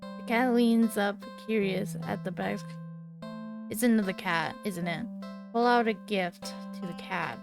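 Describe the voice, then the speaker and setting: A woman in her twenties reading a text game aloud while she plays, with small slips and quick self-corrections. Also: medium pitch, gravelly, music in the background. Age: 20s. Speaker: gaming video creator.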